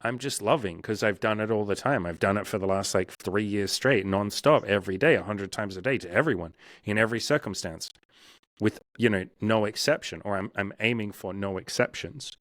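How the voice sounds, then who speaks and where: Male coach, lowish voice, dry close mic; frank, profane, plays out inner voices. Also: brisk, a bit bright, dry recording. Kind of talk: casual interview talk.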